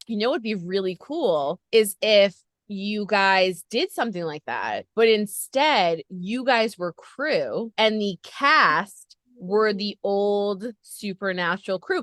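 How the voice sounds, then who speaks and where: A woman's voice: mid-range voice, fairly bright tone, dry recording, studio quality. A woman interviewing a guest over a video call, chatty and rambling. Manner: chatty, rambling, lots of fillers. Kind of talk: casual interview chat.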